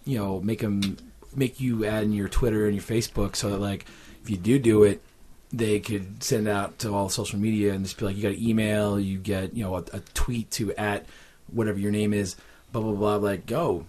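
A man's voice: lowish voice, little pitch movement, moderate pace, a little mellow. A man co-hosting a casual gaming podcast, rambling with restarts and jokes. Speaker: podcast co-host.

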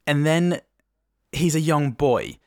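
A man's voice: fairly high pitch, slow pace, darkish tone, no room sound, clean studio sound. A man co-hosting a casual film review chat, jokey and rambling. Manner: jokey, rambling, breaks into silly impressions. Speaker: podcast co-host.

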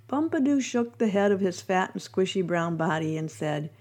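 A woman reading a devotional reflection, telling a parable in a gentle, measured storytelling manner. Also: on the low side, animated. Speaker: devotional podcast reader.

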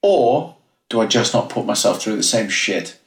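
A man's voice: fairly low pitch, lively intonation, moderate pace, vocal fry, roomy sound, recorded from a distance. A man hosting a podcast in a laid-back, casual chat, laughing easily and swearing now and then. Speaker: podcast host.

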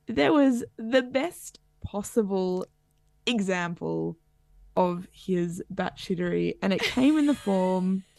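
A woman's voice: mid-range voice, expressive, slow pace, vocal fry, a little mellow, no echo. A woman co-hosting a podcast, chatting casually in a wry, joking way. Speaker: podcast co-host. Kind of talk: casual chat. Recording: dry close-mic sound.

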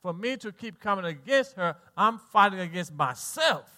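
A middle-aged man with a Southern US accent, a pastor, delivers a sermon to his congregation in a high, bright, forceful voice. He sinks to soft, low tones and then builds to loud passages, tossing in folksy asides. His delivery is expressive and his speed normal.

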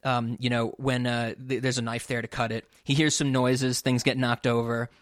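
A man casually recapping a movie plot on a podcast, animated, swearing freely. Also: mid-range voice, normal speed, no echo, clean studio sound. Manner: animated storyteller, acts out quotes, swears freely. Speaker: podcast co-host.

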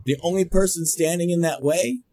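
A man's voice: fairly high pitch, fairly quick, warm tone, dry recording. Blunt, mocking older man talk host. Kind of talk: heated political talk show.

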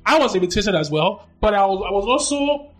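A woman, a podcast guest telling her own story candidly, emphatic and animated, often repeating herself. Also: mid-range voice, a little fast. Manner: animated, emphatic, acts out quoted dialogue, repeats phrases.

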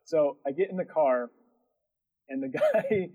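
A man's voice: on the high side, huge pitch swings, unhurried, creaky, warm tone, husky, low-quality recording. A man who runs a production company, telling a story in casual chat, rambling with lots of fillers and laughing as he goes.

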